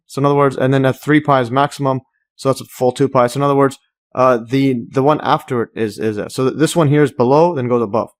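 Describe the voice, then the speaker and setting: Guy rambling thru a math graph out loud, lots of uhs and restarts, gets excited about it, average pitch. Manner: rambling, thinks aloud with many fillers and restarts; enthusiastic asides. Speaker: math tutor. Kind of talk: casual screen-recorded math walkthrough.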